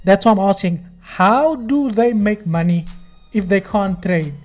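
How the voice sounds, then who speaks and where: A man's voice: high-pitched, unhurried, darkish tone, faint music behind. A man hosting a trading video, giving sarcastic, mocking commentary and acting out other people's voices. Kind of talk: screen-recorded commentary.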